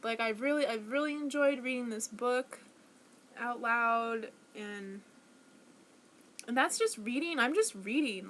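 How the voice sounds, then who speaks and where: Young woman, casual home vlog, rambling, restarts, higher pitch, faint background noise. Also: sharp tone. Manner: rambling, self-conscious, frequent likes and restarts. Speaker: vlogger. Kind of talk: casual monologue to camera.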